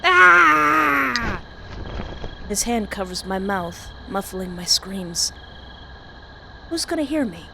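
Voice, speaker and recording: A woman's voice: medium pitch, a little slow, pauses often. A woman reading a horror visual novel aloud with commentary, reacting dramatically and laughing often. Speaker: game streamer. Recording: steady background hiss.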